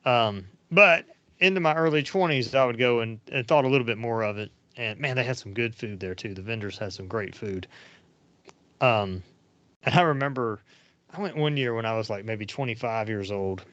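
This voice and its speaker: A man's voice: medium pitch, normal speed, a bit bright, dry recording. Rambling man, lo-fi. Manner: rambling and anecdotal, with frequent fillers. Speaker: podcast host. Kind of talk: casual storytelling chat. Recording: dull lo-fi sound, dry.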